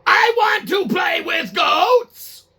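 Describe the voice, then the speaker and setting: A man voicing a pompous male tech executive who shouts his orders and repeats his own name. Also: very high voice, level tone, normal speed, voice pushed up, heavily acted. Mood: bellowing.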